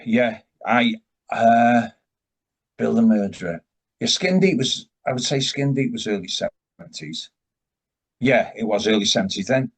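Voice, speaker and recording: An older man, a rock vocalist appearing as an interview guest, tells long, rambling stories full of tangents and frequent restarts. His voice is medium-pitched with a breathy edge, and he speaks unhurriedly with lively intonation.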